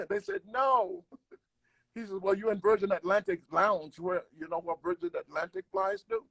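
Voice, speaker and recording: A man's voice: sits high, expressive, normal speed, creaky, a bit bright, slightly rough, no room sound. An older man, a comedian, telling a travel story in casual conversation, acting out the people he quotes. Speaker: guest comedian.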